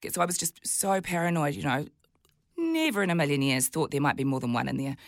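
Gravelly-voiced New Zealand woman telling stories. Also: brisk, no echo, clean studio sound. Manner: animated storytelling, jumps high when quoting herself. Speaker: guest, TV presenter and mother of twins. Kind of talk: candid interview chat.

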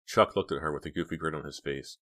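A man narrating a teen horror novel as an audiobook reading, measured in his storytelling. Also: very deep voice, fairly bright tone.

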